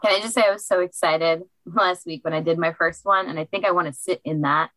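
A bubbly, excitable woman speaking on a video call. Her voice is low for a woman, and the sound is dry and close through an inexpensive desk mic. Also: fast talker, dry recording, low-quality recording. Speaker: coaching student. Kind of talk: casual chat on a video call. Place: at home with a computer. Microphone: cheap desk microphone.

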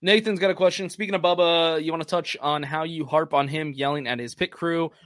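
Male podcast co-host, bright crisp voice, dry close sound, laid-back, keeps the talk moving. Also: fairly high pitch, fairly even intonation, a little fast, dry recording. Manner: laid-back, reads listener questions, laughs along. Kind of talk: casual chat.

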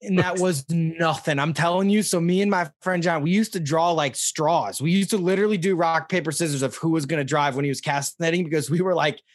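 A young man from Missouri telling stories in a casual interview, rambling and excitable with many fillers. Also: a little high, a little fast, hardly any pauses, no room sound, studio quality. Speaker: podcast guest, fishing show host.

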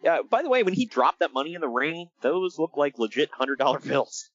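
A man co-hosting a casual podcast, talking in an animated, exasperated way and laughing often. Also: fairly high pitch, a little fast, no echo, dull audio. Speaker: podcast co-host. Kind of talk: casual wrestling podcast chat.

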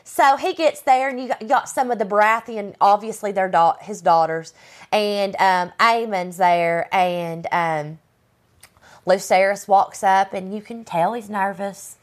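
A woman's voice: medium pitch, unhurried. Woman co-host, casual chatty recap, loose and filler-heavy, mid-range voice. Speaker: podcast co-host.

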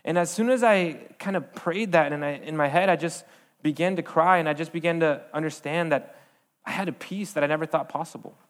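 A young man, a guest speaker, giving an earnest sermon with a personal testimony, halting often with fillers and restarts. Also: on the high side.

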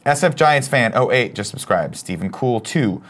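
A man's voice: medium pitch, animated, moderate pace, a bit bright. A man hosting a casual live show, reading viewer messages aloud with brash, profane jokes. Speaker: show host reading chat. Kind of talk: casual live-stream chat.

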